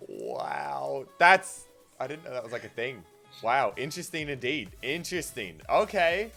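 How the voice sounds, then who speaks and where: Lively bright-voiced young man laughing through chat. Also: mid-range voice, a little slow, gravelly, soft background music. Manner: giggly, reads chat aloud, rambling with many fillers. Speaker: streamer host. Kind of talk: casual stream chat.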